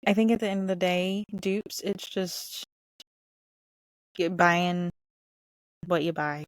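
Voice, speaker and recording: A woman's voice: on the low side, slow, no room sound. A woman in her thirties with a Southern US accent, co-hosting a podcast in casual, giggly chat. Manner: chatty, giggly, animated storytelling. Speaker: podcast co-host.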